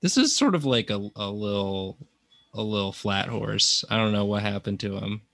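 A man's voice: fairly low pitch, lively intonation, normal speed, creaky, a bit bright, dry recording. Easygoing man, dry close sound. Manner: easygoing, rambling, joking. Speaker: stream co-host. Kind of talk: casual chat while drawing on a livestream.

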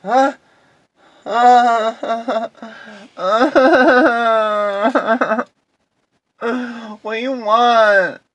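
A woman performing an amateur comedy skit, stammering and mumbling, with bursts of shouting. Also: on the high side, fairly even intonation, extremely slow, pauses often, no echo, rough recording. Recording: music in the background.

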